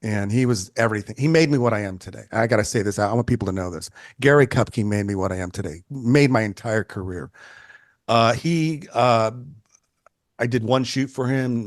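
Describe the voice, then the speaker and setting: A man in his sixties, a photographer telling stories in a casual interview, animated and chatty, often restarting his sentences and swearing freely. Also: medium pitch, brisk, no echo, clean studio sound. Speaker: photographer guest.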